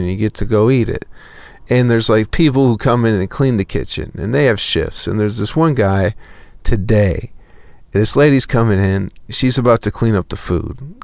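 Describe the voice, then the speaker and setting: A man's voice: on the low side, vocal fry, no echo. A young man telling a profane, exasperated story as a podcast host in a casual comedic rant.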